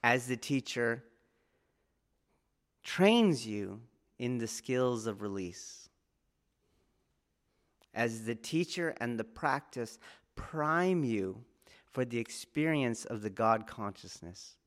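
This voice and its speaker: A man's voice: medium pitch, lively intonation, takes it slowly, long pauses. A man teaching martial arts in a spoken talk, earnest and questioning, repeating key phrases for emphasis. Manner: asks the listener rhetorical questions.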